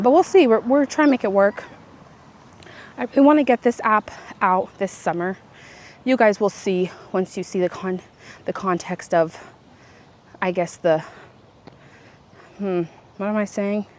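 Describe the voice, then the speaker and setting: A woman's voice: mid-range voice, a little hiss or hum. A young adult woman chatting casually to her viewers in a vlog, rambling with lots of likes and self-corrections. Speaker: vlogger. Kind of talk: casual chat to camera.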